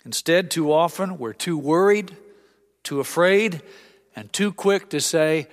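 Earnest preacher in a reverberant hall. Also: male voice, a little high, measured pace. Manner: earnest storytelling, acts out voices. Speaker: pastor. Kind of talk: sermon.

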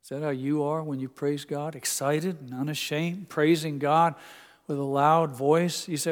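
Older pastor preaching with a high voice. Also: male voice, little pitch movement, measured pace, in a large hall. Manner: earnest, asks the congregation questions directly. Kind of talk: sermon. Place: church sanctuary.

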